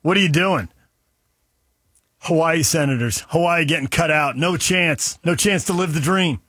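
A man's voice: a little high, unhurried, fairly bright tone, slightly rough, no echo, clean studio sound. A man in his twenties co-hosting a sports talk show, analytical and dryly teasing. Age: 20s. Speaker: sports radio co-host.

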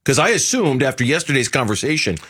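A man's voice: medium pitch, big pitch swings, fast, fairly bright tone, a little hiss or hum. A man co-hosting a sports radio show, talking casually and earnestly, arguing his points and stammering at the start of sentences.

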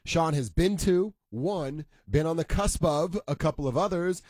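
A man's voice: on the high side, measured pace, darkish tone, dry recording. Chatty man hosting a sports show. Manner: laid-back, chatty, laughs often. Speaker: sports talk show host. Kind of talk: casual sports debate.

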